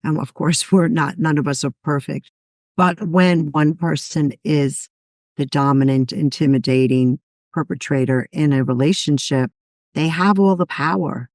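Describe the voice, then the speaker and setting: A woman's voice: deep voice, unhurried, a little mellow, dry recording, studio quality. A woman in a podcast conversation who explains steadily and often answers with brief agreement. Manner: affirming, brief backchannels, explanatory.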